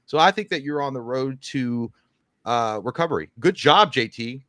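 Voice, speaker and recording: A man's voice: medium pitch, lively intonation, moderate pace, sharp tone, dry recording. Male co-host, casual and foul-mouthed, reads super chats, dry close sound. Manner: loose, joking, profane, rambling. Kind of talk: casual live-stream chat.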